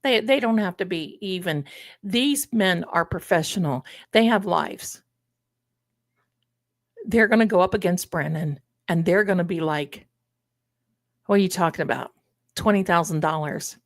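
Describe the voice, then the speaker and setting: Woman, live-stream host, chatty and animated, slow delivery, dry close sound. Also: on the low side, no echo. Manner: chatty, animated, addresses viewers as "my loves". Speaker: livestream host. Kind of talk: casual live-stream chat.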